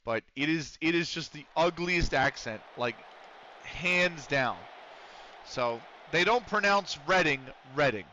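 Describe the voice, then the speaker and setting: A young man from Pennsylvania chats through a livestream, profane and rambling. His voice sits a little high and sounds bright, almost sharp. The audio is dull and lo-fi, with a faint hiss underneath. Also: animated, takes it slowly. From Pennsylvania, USA. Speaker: streamer. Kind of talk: casual gaming stream chat.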